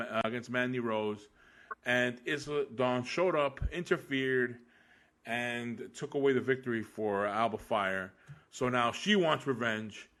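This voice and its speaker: A man hosting a relaxed podcast, talking in a loose, rambling way full of fillers and quick restarts. His pitch sits in an ordinary middle range. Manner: laid-back, rambling with fillers and laughs. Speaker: podcast host. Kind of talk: casual podcast chat.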